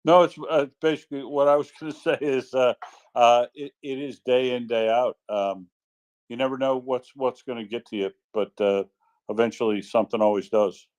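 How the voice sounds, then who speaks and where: A man co-hosting an online audio chat speaks haltingly, starting his sentences over and over. He has an ordinary middle-pitched voice. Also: steady tone, darkish tone, lo-fi sound. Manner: halting, many restarts. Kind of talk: casual chat.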